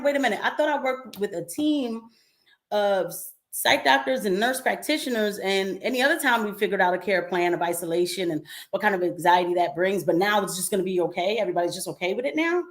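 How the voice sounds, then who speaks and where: A young adult woman hosting a casual commentary livestream, chatty and animated, with frequent laughs and asides to her viewers. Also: mid-range voice, brisk. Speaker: livestream host.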